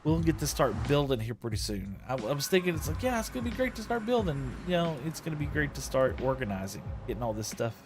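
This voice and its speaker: A man's voice: medium pitch, big pitch swings, fast, few pauses. Chatty man streaming a game. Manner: rambling, chatty, self-correcting with frequent chuckles. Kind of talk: casual gameplay stream chat.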